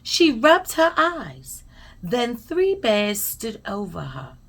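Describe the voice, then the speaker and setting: Slow, expressive woman storyteller. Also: on the high side, gravelly. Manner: expressive, soothing, trailing into soft whispers at the close. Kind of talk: bedtime story read-aloud.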